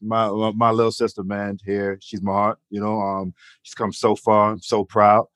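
A man's voice: fairly low pitch, flat delivery, normal speed, fairly bright tone, no room sound. A man co-hosting a podcast in casual, emotional chat, often saying "you know" and "man". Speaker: podcast co-host.

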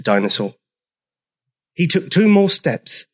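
A man narrating a children's story in a slow, gentle, expressive reading. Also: mid-range voice.

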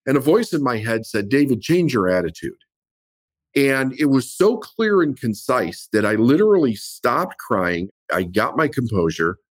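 A man's voice: mid-range voice, very animated, moderate pace, few pauses, no echo. A middle-aged man telling his own life story in an interview, candid and reflective. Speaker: business coach guest.

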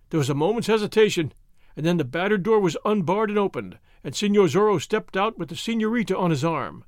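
A man narrating an audiobook in an expressive storytelling manner. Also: high voice, a little fast, no echo, studio quality. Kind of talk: scripted narration.

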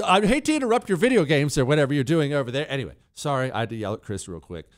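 A man's voice: a little high, very animated, rapid-fire, hardly any pauses. A man in his forties hosting a solo talk radio show, ranting sarcastically and mocking with bursts of laughter.

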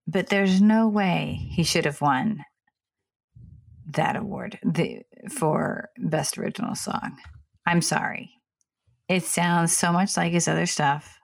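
A woman co-hosting a casual chat, opinionated and apologetic, rambling with restarts and asides. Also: lowish voice. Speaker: podcast co-host.

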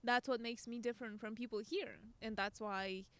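A high-pitched woman speaks with a Russian accent, her first language Russian. She chats casually as a guest, blunt and frank, with frequent laughter. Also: fairly even intonation, normal speed, dry recording. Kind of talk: casual chat.

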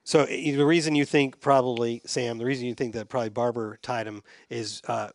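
A man's voice: medium pitch, steady tone, brisk. A man hosting a casual sports podcast, chatting and reading listener emails aloud in a self-deprecating way.

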